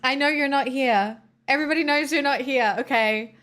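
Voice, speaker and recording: A woman's voice: high voice, brisk, a bit bright. A woman hosting a live stream, chatting casually with a sarcastic, joking manner. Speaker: livestream host.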